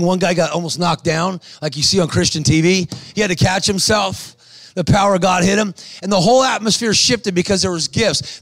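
A man's voice: high voice, no echo. A man preaching a sermon, telling stories with acted-out voices and exhorting the crowd. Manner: animated storytelling, acts out quoted voices.

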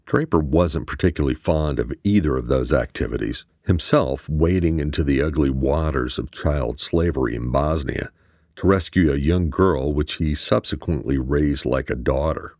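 A man reading an audiobook in a measured, even storytelling manner, close to the mic. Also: very deep voice, no echo. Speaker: audiobook narrator. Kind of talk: scripted narration.

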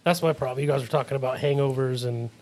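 A man's voice: mid-range voice, steady tone, quick pace, a little mellow. A man in his thirties co-hosting a podcast, chatting in an easygoing way and joking about himself. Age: 30s. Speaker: co-host. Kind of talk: casual podcast chat.

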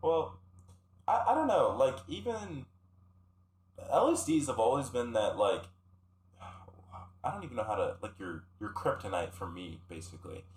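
A man's voice: medium pitch, big pitch swings, normal speed, long pauses. A man co-hosting a casual podcast chat, hesitant and trailing off. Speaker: podcast co-host. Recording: echoey room with faint hum.

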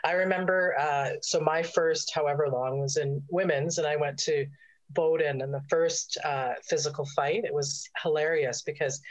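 A woman who worked as a corrections officer, telling a story in a relaxed, halting way. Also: sits low. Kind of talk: casual conversation. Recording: dull lo-fi sound.

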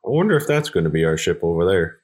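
A man with a very low voice plays a tabletop game, talking brashly and casually. He swears freely and laughs between lines. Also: very animated, fast, a little mellow. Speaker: player. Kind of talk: playing a tabletop game in character.

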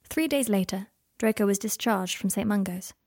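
Husky-voiced woman reading an audiobook. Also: medium pitch, normal speed, darkish tone, dry recording, studio quality. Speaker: narrator. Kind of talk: audiobook narration.

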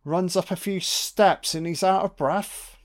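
Sweary man doing slow film commentary. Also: sits high, fairly even intonation. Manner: sweary, mocking asides to the screen.

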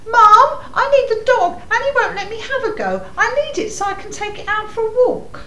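A woman's voice: very high voice, big pitch swings, normal speed, bright, forceful tone, heavily acted. A woman playing a whiny, demanding young girl in a panto. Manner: whining, pleading. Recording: echoey room.

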